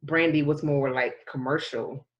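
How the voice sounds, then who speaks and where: With a low voice, fairly even intonation, and a measured pace, a woman co-hosting a casual podcast explains things at length and slips into snatches of song. The recording is lo-fi.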